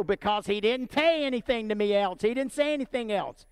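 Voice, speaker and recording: A man preaching and telling a personal story, animated and often checking in with his listeners. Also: very high voice, brisk, vocal fry, clean tone, no echo. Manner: animated, asks the audience often. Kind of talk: sermon storytelling.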